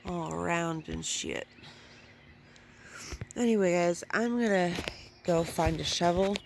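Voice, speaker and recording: A woman's voice: on the low side, vocal fry, a little mellow, a little hiss or hum. A woman giving a casual, chatty gardening vlog outdoors in her front yard, swearing at times, filmed on a handheld phone. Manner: chatty, swears when annoyed. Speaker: vlogger.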